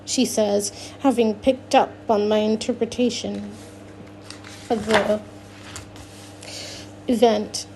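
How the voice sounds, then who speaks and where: A woman's voice: a little high, mellow, slight background noise. A woman narrating a first-person novel, reading with frequent restarts and self-corrections. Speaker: audiobook narrator.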